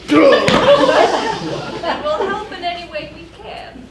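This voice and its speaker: Woman as a sweet, fussy old lady, high, lively, heard from afar in an echoey room. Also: extremely slow, crowd noise, background noise, exaggerated voice. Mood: earnest. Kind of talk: staged reading. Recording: echoey room, distant mic.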